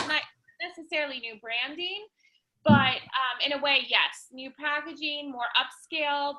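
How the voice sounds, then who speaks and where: A woman talks in a high, bright voice, giving a casual livestream update to her sales team. She gushes with enthusiasm and keeps stopping for ums and quick restarts. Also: a little hiss or hum, low-quality recording. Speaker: direct sales team leader.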